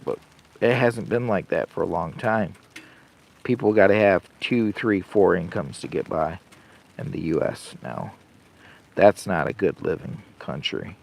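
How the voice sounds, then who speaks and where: Gravelly older man chatting folksy. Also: low voice, measured pace. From Michigan. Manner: rambling, folksy, talks to chat and his dog. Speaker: camping channel host. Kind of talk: casual livestream chat. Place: inside a heated tent.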